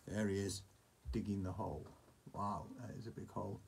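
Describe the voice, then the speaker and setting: A man's voice: lowish voice, fairly even intonation, normal speed, gravelly, darkish tone, a little hiss or hum. A man reading a picture book aloud to a child, with playful, chatty asides.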